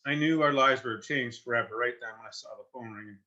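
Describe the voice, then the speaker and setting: A middle-aged man, telling a personal story as a guest in earnest, halting conversation with restarts. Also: medium pitch, pushed and bright. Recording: muffled lo-fi sound.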